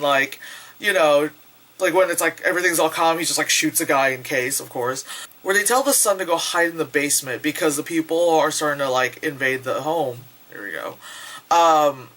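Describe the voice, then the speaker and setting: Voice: mid-range voice, pushed and bright. A young adult rambling through a casual movie review vlog, packed with fillers and swearing. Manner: rambling, filler-heavy, profane.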